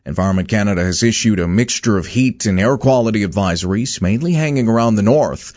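A man reading the radio news in a steady, formal way. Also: fairly low pitch, quick pace. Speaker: newsreader. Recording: dull lo-fi radio broadcast.

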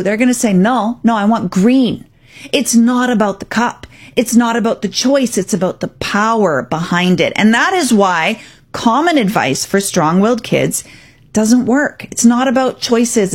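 A middle-aged woman, a parenting coach, giving earnest, reassuring advice straight to the listener and acting out what parents and kids say. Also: mid-range voice.

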